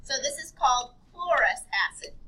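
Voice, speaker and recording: A woman teaching a chemistry class, brisk and affectionate, calling students honey and babe. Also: high voice, animated, sharp tone, slight background noise, poor audio.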